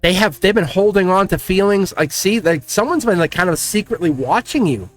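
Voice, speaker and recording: A man giving a casual, rambling tarot reading, talking excitedly and directly to the viewer. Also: high-pitched, brisk, faint music behind. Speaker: tarot card reader.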